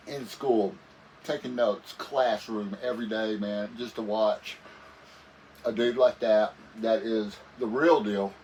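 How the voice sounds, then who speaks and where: A man's voice: mid-range voice, a little mellow. A man guest musician telling stories casually in an interview, rambling and laid-back, often saying "man". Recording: voice a bit far from the mic with faint noise.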